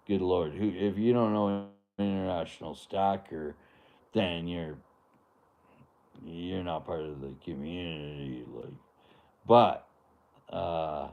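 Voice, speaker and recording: A man's voice: low voice, steady tone, slow pace, gravelly, pauses often, narrow, tinny audio. A man hosting a live stream, talking in a rambling, laid-back way with lots of fillers. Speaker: livestream host. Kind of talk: casual live-stream chat.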